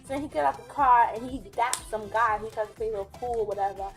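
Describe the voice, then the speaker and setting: A young woman tells a story to camera in a chatty vlog, her voice sitting a little high for a woman. She stays lively and keeps dropping into mock voices for the people she quotes. Soft music plays faintly behind her. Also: brisk. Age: young adult. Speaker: vlogger. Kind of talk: casual storytime.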